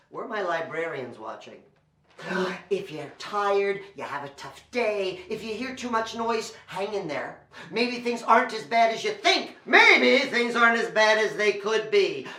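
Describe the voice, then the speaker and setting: Energetic male storyteller leading an audience sing-along, animated and bright, roomy echo. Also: high voice. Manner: animated, coaxing the audience to join in. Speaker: children's storyteller. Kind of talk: interactive storytelling performance.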